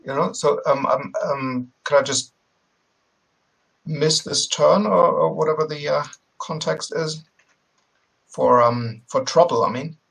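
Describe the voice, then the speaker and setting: A man's voice: fairly high pitch, a little slow, gravelly, pauses often, a bit bright, slightly rough, poor audio. A man playing a tabletop game, speaking hesitantly with many fillers. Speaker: player.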